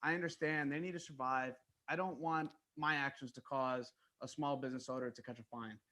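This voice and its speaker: A man's voice: mid-range voice, steady tone, fairly quick, bright, forceful tone. A young man co-hosting a podcast in a studio, ranting bluntly with plenty of swearing in casual banter. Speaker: podcast co-host.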